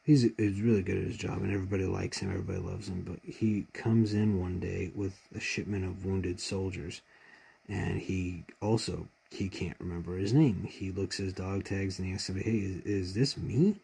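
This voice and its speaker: Deep, gravelly and husky but warm in tone, a man recounts a beloved TV episode fairly quickly and with a flat delivery. His casual fan talk rambles sincerely, and emotion keeps catching in his throat.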